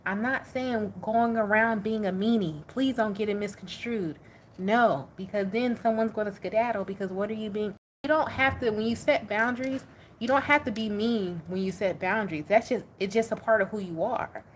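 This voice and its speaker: A woman tarot reader talks through a casual reading in a lively, slangy voice. She drives her points home by repeating them, and a faint background hiss runs under the recording. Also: mid-range voice, normal speed. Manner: animated, slangy, emphatic repetition.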